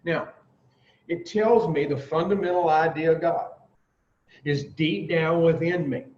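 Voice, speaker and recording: A man's voice: on the high side, fairly even intonation, darkish tone. Blunt man teaching recovery in an echoey room. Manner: emphatic, drawn-out pauses, blunt with profanity. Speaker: recovery speaker teaching the twelve steps. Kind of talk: informal recovery talk to a group. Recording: roomy, distant, dull lo-fi sound.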